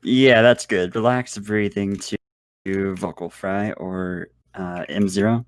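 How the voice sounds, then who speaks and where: Man, voice student, slightly low pitch, slow and hesitant, dry close sound. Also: steady tone, no room sound. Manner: hesitant, searching for words, laughs easily. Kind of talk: reviewing lesson notes.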